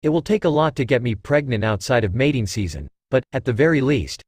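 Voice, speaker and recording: A man's voice: medium pitch, lively intonation, a little fast, darkish tone, husky, no echo, clean studio sound. A man reading as a flirtatious, purring female cat-demon. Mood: playful. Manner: purring, teasing.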